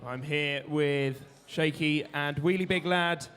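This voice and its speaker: A man's voice: a little high, fairly even intonation, takes it slowly, fairly bright tone, slight background noise. A man hosting the arena, interviewing robot drivers after fights and announcing winners with showman flair. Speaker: arena host. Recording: reverberant hall.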